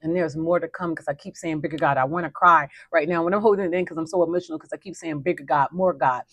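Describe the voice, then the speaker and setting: A woman's voice: fairly low pitch, steady tone, quick pace, fairly bright tone, no echo. A woman hosting a weekly motivational talk, speaking emphatically and repeating her declarations in a folksy, spirited way. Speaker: host.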